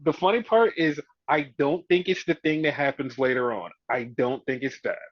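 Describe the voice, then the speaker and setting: A man with a fairly high voice chats through a wrestling recap, swearing freely and acting out what the wrestlers said. The sound is dry and dull, like a lo-fi home recording. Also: normal speed, no room sound. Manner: profane, animated retelling with mimicked quotes. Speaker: podcast host. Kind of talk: casual wrestling recap chat.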